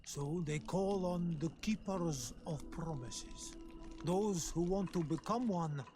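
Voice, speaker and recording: Karadeg, a slow, solemn islander. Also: male voice, on the high side. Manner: slow, solemn, formal speech. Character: wary male islander engraver in hiding. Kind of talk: video game voice acting. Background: game music.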